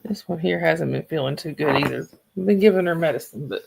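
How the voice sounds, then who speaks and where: Woman, Southern accent, livestream host, casual rambling chat, gravelly fry. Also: low voice, fairly quick, noisy background. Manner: rambling, chatty, restarts sentences.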